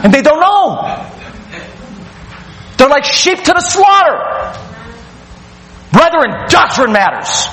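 A man's voice: extremely high pitch, sing-song, takes it slowly, long pauses, sharp tone. A man preaching a sermon, teaching from the Bible in an emphatic, fired-up way.

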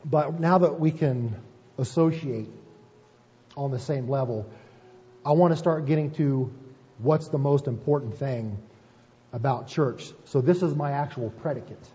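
A man's voice: mid-range voice, measured pace, long pauses, warm tone. A man preaching a conversational sermon as a pastor, folksy and self-deprecating, often checking in with "right?". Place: church sanctuary. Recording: muffled, echoey church hall recording.

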